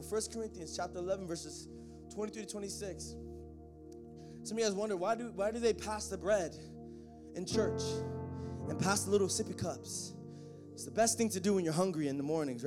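High-voiced male pastor preaching. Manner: rises to shouting, half-sung preaching; joking asides to the band and congregation. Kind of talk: sermon. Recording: faint music behind.

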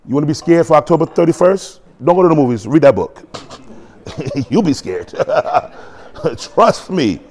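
Animated preacher, lively high man. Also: a little slow, slight background noise. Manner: animated preaching with jokes and acted quotes. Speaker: pastor. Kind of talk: sermon. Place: church.

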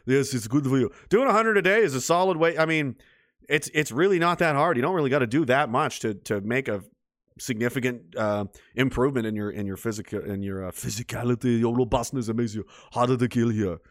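A man's voice: mid-range voice, a little fast, fairly bright tone, no room sound, clean studio sound. A man ranting sarcastically and swearing freely, reading and answering his chat in a livestream.

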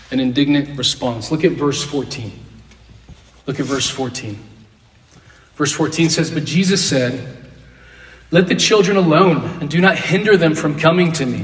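A man leading an interactive Bible lesson, asking the class questions and repeating key phrases. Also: on the high side. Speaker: Bible teacher. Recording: roomy echo, distant mic.

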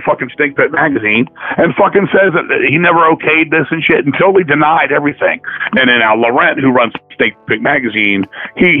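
A man telling stories in a casual chat, profane and animated, acting out the dialogue of the people he quotes. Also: medium pitch, breathy edge. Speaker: podcast guest, metal musician. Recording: tinny phone-line audio.

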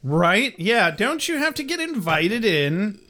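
A man's voice: high voice, very animated, slow, bright, forceful tone. A man co-hosting a podcast, chatting casually in a joking, profane way and laughing often. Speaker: podcast co-host. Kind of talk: casual chat.

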